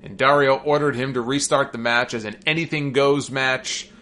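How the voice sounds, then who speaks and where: A man talks through a wrestling recap and mailbag like a casual podcast host. His voice is bright and forceful at a middling pitch, and he rambles with fillers and quick asides. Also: fairly even intonation.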